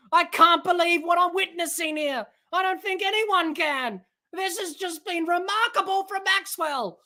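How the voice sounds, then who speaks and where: Woman podcast host, hoarse, excitable commentator, drawn-out shouting. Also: extremely high pitch. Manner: excitable, shouting on big hits. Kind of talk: live watch-along commentary.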